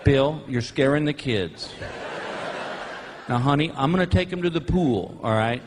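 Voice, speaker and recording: A man voicing his exasperated, bossy wife, who talks slowly and firmly as if to a child. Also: mid-range voice, expressive, pitched below the performer's own voice, lightly acted. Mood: scolding. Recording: live stage audio with crowd noise.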